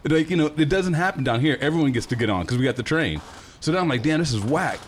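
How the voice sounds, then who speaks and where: A young man telling a wild story in casual, profane, animated talk. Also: a little high, fast, slight background noise. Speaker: guest telling a travel story.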